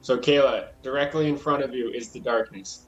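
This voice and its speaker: A man's voice: medium pitch, fairly quick, soft background music, low-quality recording. A man running a tabletop game as game master, describing scenes in a loose, casual way.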